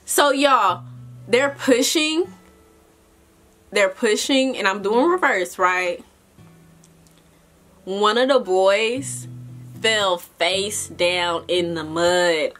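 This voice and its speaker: A young adult woman vlogger telling a casual story, animated and chatty, talking straight to her viewers. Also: medium pitch, drawn-out words, long pauses, faint music behind.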